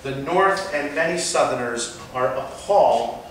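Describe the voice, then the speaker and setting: A man's voice: fairly high pitch, measured pace, sharp tone, far from the mic, a little hiss or hum. Guy teaching a history class, lots of uhs, super echoey room, mic way off. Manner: unscripted with frequent fillers and restarts. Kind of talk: lecture.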